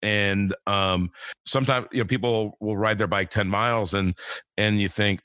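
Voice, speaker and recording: A man in his fifties hosts a podcast interview, chatting casually in a rambling, easygoing manner full of fillers and repeated words. His voice sits fairly low with fairly even intonation and a normal speed. The tone is bright and forceful, and the recording is dry.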